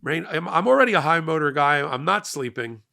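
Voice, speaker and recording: Middle-aged male host, gravelly and bright-toned, emphatic and energetic political commentary. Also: fairly high pitch, brisk. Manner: emphatic, energetic, rising to loud peaks. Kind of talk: passionate political monologue.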